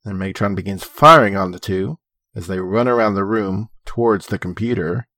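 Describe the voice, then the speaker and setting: Low steady male recapper. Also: moderate pace, no echo. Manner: steady, informative, dry humor. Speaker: podcast co-host recapping episodes. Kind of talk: casual recap narration.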